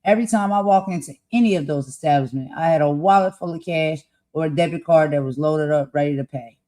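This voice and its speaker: A woman from the United States hosting a political talk show, speaking with impassioned conviction and growing loud as she makes her points. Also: low voice, fast. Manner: impassioned, grows loud and emphatic. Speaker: host. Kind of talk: heated political commentary.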